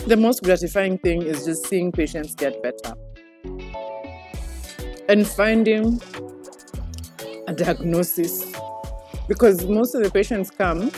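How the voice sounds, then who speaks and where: A young woman doctor with a Kenyan accent, chatting animatedly in an interview and slipping Swahili phrases into her English. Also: on the low side. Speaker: newly qualified doctor, guest. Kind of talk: casual interview chat.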